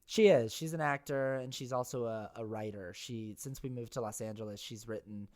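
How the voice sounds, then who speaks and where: A man's voice: medium pitch, moderate pace, darkish tone. A man being interviewed as a guest over a remote call from home. He talks casually and rambles through stories, full of fillers. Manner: rambling, filler-heavy storytelling. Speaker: interview guest, actor and content creator. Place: at home, his brother's house.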